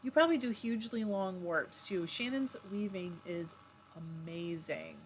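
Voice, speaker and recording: A woman's voice: lowish voice, very animated, a little slow, slight background noise. A woman hosting a live stream in a casual, chatty way, reading viewer comments aloud, laughing often and breaking off mid-word. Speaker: livestream host.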